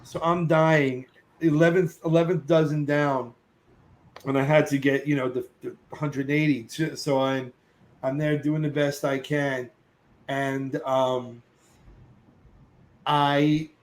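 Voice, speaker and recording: Animated middle-aged man telling a story. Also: on the high side, slow, pauses often, low-quality recording. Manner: lively storyteller who acts out other voices and sings snatches; curses casually. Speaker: podcast guest.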